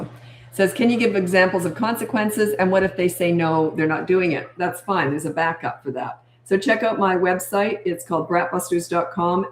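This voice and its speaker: A woman's voice: fairly low pitch, echoey room, a little hiss or hum. An older woman and parenting coach answering viewer comments on a live stream, chatty and emphatic, repeating her key points.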